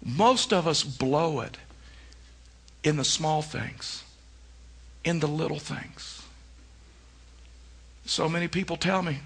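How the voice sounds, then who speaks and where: A man's voice: fairly high pitch, slow, gravelly, long pauses, fairly bright tone, husky. Man preaching a storytelling sermon. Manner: storytelling with emphatic repetition. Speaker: pastor.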